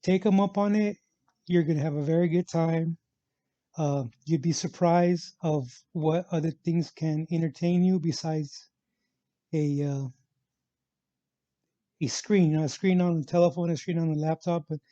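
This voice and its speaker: A man's voice: a little high, fairly even intonation, a little slow, pauses often, dark tone, no echo. A man casually telling a personal travel story on his vlog, rambling with many fillers and restarts. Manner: rambling, full of fillers and restarts, repeats "actual". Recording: dull lo-fi sound, dry.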